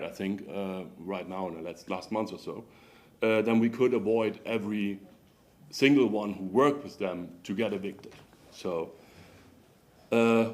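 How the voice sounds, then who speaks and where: A man from Germany with a German accent speaking as a landlord at a council meeting, halting and hesitant with many fillers and non-native phrasing, into a podium microphone. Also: mid-range voice. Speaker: landlord giving public comment. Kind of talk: unscripted public comment. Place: city council chamber.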